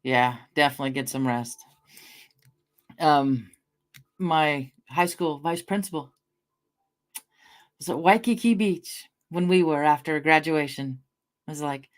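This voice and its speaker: Speaking in a low voice at a measured pace with long pauses, a middle-aged Northwest woman livestreams casually, rambling between stories. Her manner is loose and conversational as she curses in passing and stops to respond to her chat.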